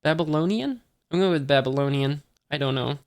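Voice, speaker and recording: Here a manga reader with a medium-pitched, clean, steady voice goes through a chapter at a measured pace. They stop frequently, forget character names, and voice the quotes in a near-plain way.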